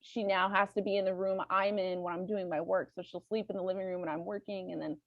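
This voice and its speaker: A woman's voice: mid-range voice, fast, no room sound. A woman guest chats casually on a podcast, spinning a funny story and acting out the voices of the people in it. The sound is dry and a little dull, like a simple podcast setup. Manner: animated, acts out voices and laughs while telling stories. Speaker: podcast guest, band's lead singer.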